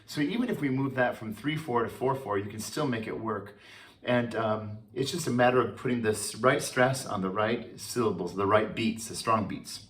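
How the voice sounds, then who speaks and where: A man, a choral conductor, giving a relaxed and chatty talk, with many fillers and restarts. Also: on the low side, moderate pace, music in the background. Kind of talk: informal talk.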